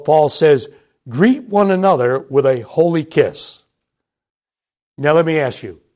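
A man delivering a scripted sermon, measured and deliberate, repeating key points for emphasis. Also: a little high, darkish tone. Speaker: preacher.

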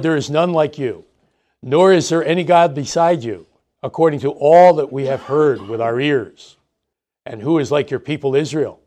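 Bible teacher, male, fairly high voice, emphatic reading of scripture. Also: a little mellow.

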